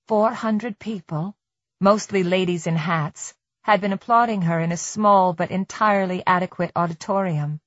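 A woman reading a novel aloud in measured, even scripted narration. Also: lowish voice, dry recording. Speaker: audiobook narrator. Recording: dry, slightly muffled recording.

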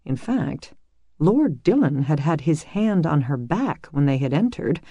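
Brief: mellow narrator, dry close recording, steady scripted audiobook reading. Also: mid-range voice, a little slow, breathy edge, no echo, dull audio. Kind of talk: scripted narration of a medieval romance.

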